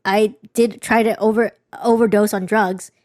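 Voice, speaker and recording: A young woman co-hosting a podcast tells a personal story in casual chat, candid and rambling with many restarts. Her mid-range voice is darkish, with fairly even intonation at a normal speed, and the studio sound is clean with no room sound.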